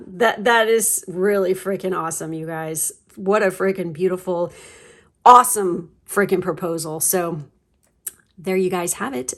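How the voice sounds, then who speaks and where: A woman giving a casual pick-a-card tarot reading, chatty and rambling, gushing with lots of fillers and the odd swear word. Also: mid-range voice. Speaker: tarot reader.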